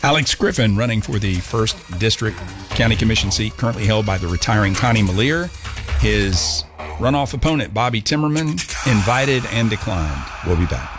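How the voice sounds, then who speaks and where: A man's voice: on the low side, expressive, normal speed, over music. A man hosting a call-in talk radio show in a studio, joking and chuckling between his questions.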